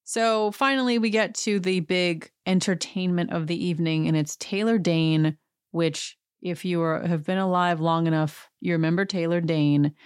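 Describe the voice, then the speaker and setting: A woman's voice: lowish voice, steady tone, moderate pace, smooth, dry recording, clean studio sound. A woman hosting a podcast, giving a chatty and wry recap of a TV episode. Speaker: podcast host. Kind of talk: casual TV recap monologue.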